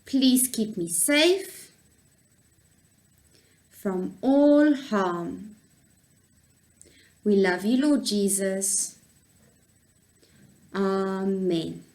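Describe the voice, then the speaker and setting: A woman teacher reading a Bible story and a prayer to young children, in a warm, encouraging, clear way. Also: medium pitch, drawn-out words, pauses often, poor audio.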